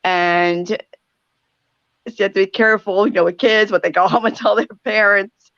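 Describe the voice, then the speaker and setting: A woman's voice: medium pitch, steady tone, dry recording. Older woman radio host, muffled dry sound. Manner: reflective, pausing, softly emotional storytelling. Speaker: radio talk show host. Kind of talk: heartfelt conversational talk.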